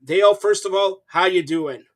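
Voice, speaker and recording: A male talk show host with a high voice who bursts with energy, tripping over and repeating his words as he jokes with guests. The recording is dry and close, with no room sound. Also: normal speed, no room sound. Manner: excitable, stammering repeats. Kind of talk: casual sports talk show.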